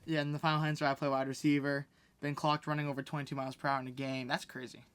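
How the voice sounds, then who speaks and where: Quick, laid-back man reading quiz hints. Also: mid-range voice, level tone, a bit bright, clear, resonant tone. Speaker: co-host giving quiz hints. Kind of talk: casual sports podcast chat.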